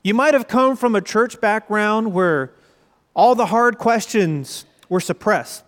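A man's voice: high-pitched, takes it slowly, a bit bright. A young man preaching a sermon as pastor, conversational and storytelling, with quoted asides. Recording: long reverb of a large hall.

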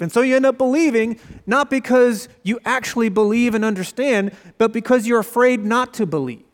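High-voiced man preaching in a reverberant hall. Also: brisk, few pauses. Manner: conversational storytelling with acted-out quotes. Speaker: pastor. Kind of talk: sermon. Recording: long reverb of a large hall.

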